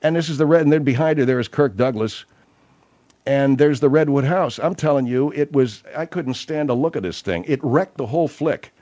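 A man's voice: medium pitch, moderate pace, dark tone, highs cut off. A man hosting a comedic radio talk show, blustery and emphatic in his complaints.

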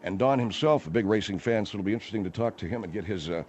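A man hosting a comedy talk radio show, brisk in promos and exasperated in banter. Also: lowish voice, a little mellow, a little hiss or hum.

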